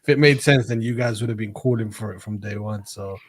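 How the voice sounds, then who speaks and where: A man's voice: on the low side, a little fast, no room sound. A man in a casual football chat, blunt about his views and laughing between points.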